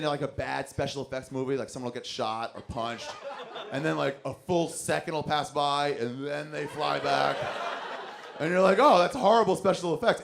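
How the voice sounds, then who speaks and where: A gravelly, fairly high-pitched male voice delivers a long stand-up story full of swearing in a club. He's energetic and mimics each person he quotes.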